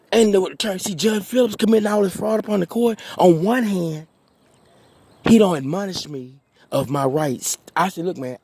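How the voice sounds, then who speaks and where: A distraught man pleading to a judge in an agitated, halting appeal full of restarts. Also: a little high, darkish tone, slightly rough. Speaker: petitioner addressing a judge. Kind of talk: impassioned video appeal.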